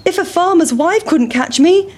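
A small, boastful pancake taunts its chasers in a high, squeaky voice, as a woman puts it on for a storybook. It sounds a touch distant and louder than the narration around it. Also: lively intonation, moderate pace. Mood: cheeky.

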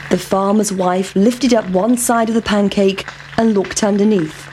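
A woman reading a children's fairy tale aloud, slow and clear. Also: mid-range voice, fairly even intonation, a little mellow, slight background noise. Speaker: storyteller. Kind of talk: scripted narration.

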